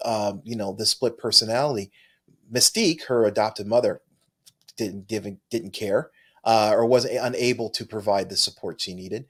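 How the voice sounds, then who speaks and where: Enthusiastic male comic podcast co-host. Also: lowish voice. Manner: enthusiastic, with frequent restarts. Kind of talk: casual chat.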